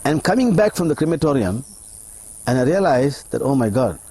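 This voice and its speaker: Husky-voiced man telling his story. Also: mid-range voice, sing-song, warm tone, no echo. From Malaysia. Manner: emotional, halting storytelling, acts out his own inner voice. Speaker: interview guest. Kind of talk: personal testimony in an interview.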